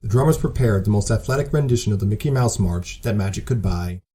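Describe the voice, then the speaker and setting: Lively man narrating with dry jokes. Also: on the low side, fast talker. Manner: dry self-mocking jokes. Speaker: host and narrator. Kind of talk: scripted story narration.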